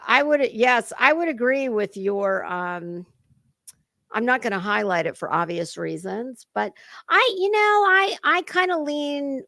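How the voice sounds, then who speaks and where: A woman host delivers snarky, profanity-laced commentary while chatting with her viewers. Her voice sits a little high, and the sound is close and dry with no room around it. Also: sharp tone, no room sound. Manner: mocking, profane, talks to chat. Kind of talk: sarcastic reaction commentary.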